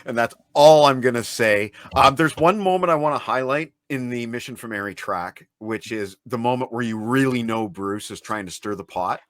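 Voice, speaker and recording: A man's voice: medium pitch, moderate pace, few pauses, a bit bright, no echo. Man hosting a music podcast. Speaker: podcast host. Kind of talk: casual chat.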